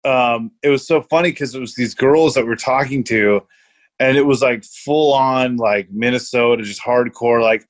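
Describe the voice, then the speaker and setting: A man's voice: mid-range voice, normal speed. A young man in casual chat, rambling through a story with lots of swearing and laughter.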